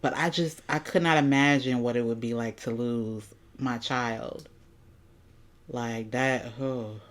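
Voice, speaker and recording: A woman's voice: extremely low pitch, steady tone, slow pace. A woman hosting a reaction video, talking casually in a blunt, indignant and profane way.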